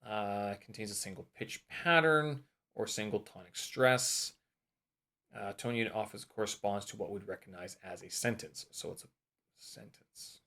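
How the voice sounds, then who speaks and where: His voice runs low, pushed, and bright, at a moderate pace. He's an English teacher in a laid-back study vlog, reading course notes aloud, musing to himself, and grumbling self-mocking remarks while checking answers.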